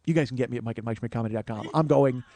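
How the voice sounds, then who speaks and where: A man hosting a podcast, telling a comic story full of swearing, growing louder and more animated as it goes. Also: mid-range voice, racing, background noise. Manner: profane, animated, rising to shouting as the story builds. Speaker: podcast host.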